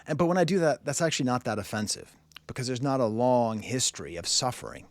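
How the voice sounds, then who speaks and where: Speaking fast and expressively at medium pitch, this Boston-born French professor hosts a music review show. His casual video commentary rambles along with plenty of "you know" and "uh," and there's no echo.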